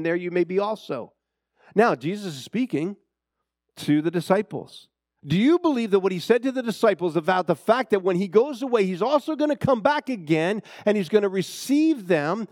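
A middle-aged man preaching a sermon, asking the congregation for amens and swinging between loud, raised emphasis and low, quiet asides. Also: no room sound, studio quality. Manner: preaching with call-and-response, asks for amens. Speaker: pastor.

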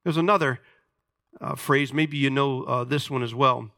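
A man's voice: medium pitch, steady tone, normal speed, bright, forceful tone, no room sound, studio quality. A man preaching a sermon as pastor, talking emphatically and calling on the congregation for amens.

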